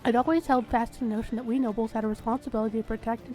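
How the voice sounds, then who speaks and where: A woman host reading a story game's first-person narration aloud in a steady manner. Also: on the high side, very fast.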